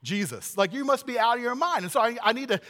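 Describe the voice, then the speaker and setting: A high, worked-up disciple pleads and scolds his teacher in a rush of alarm, played by a preacher mid-sermon, his voice raised well above the speaker's usual pitch. The sound rings out with a long hall echo. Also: animated, moderate pace, a bit bright. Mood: exasperated. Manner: agitated, pleading, insistent.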